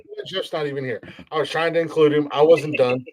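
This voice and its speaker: A man co-hosting a loose comedy podcast, his voice sitting a little higher than most men's. He curses constantly, loses his train of thought and rambles. He also breaks into booming wrestling-announcer promos. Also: fairly even intonation, a little fast, a little mellow. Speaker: podcast co-host. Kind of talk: casual comedy podcast banter.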